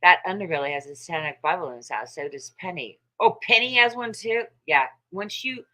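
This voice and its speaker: Woman host, bright voice, mocking profane livestream rant. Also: lowish voice, animated, fairly quick, rough recording. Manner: profane, mocking, laughs often. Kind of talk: casual ranting livestream chat.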